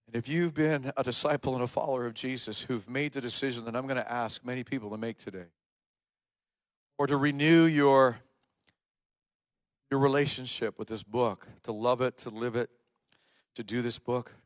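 A man's voice: fairly even intonation, moderate pace, long pauses, no room sound. Emphatic preacher man with a dry sound. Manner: emphatic, swings from loud stresses to quiet low asides. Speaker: pastor. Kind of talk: sermon. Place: church service.

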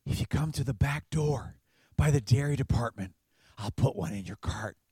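A man voicing a woman store clerk who speaks in a hushed, conspiratorial whisper. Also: medium pitch, normal speed, husky, dry recording, clean studio sound. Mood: secretive.

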